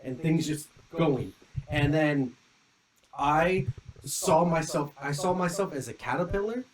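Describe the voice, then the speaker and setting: A man's voice: on the high side, a little slow, a crowd in the background, low-quality recording. Rambling young man telling a story. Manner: rambling, lots of "like" fillers, lively re-enacted quotes. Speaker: podcast co-host. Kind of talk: casual storytelling chat.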